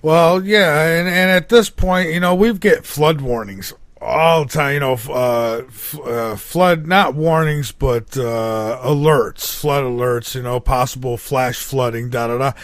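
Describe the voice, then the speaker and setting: A man's voice: medium pitch, a little slow, few pauses, no echo. A man in casual chat, talking emphatically with colorful phrasing.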